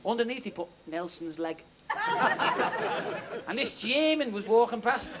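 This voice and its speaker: A stand-up comedian rambles through a joke, chuckling as he goes. The live recording is noisy, with a loud crowd laughing throughout. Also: high voice, expressive, unhurried. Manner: rambling, chuckling at his own story.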